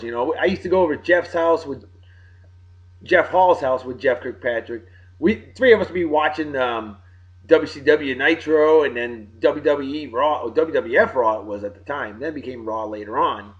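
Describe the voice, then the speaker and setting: A man hosting a casual solo show, rambling through shout-outs to friends and bursting into loud wrestling catchphrases now and then. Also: medium pitch, lo-fi sound. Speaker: podcast host.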